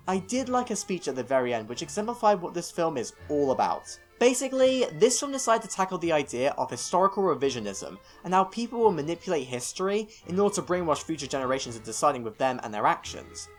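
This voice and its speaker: Young british guy doing a scripted film review, opinionated, lots of pitch swings. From United Kingdom. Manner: opinionated, self-mocking, rambling asides.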